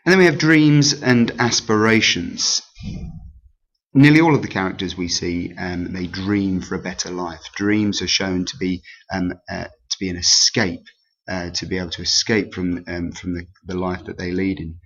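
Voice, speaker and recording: Low-voiced, husky male teacher, halting revision talk, dull lo-fi recording. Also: fairly even intonation, a bit bright. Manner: hesitant, many ums and restarts. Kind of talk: exam revision lesson. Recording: dull lo-fi sound.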